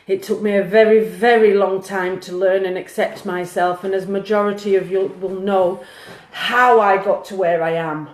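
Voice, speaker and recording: A woman's voice: mid-range voice, a little mellow, echoey room. A woman doing a live-streamed psychic reading, earnest and emotional, talking to viewers by name. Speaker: psychic medium.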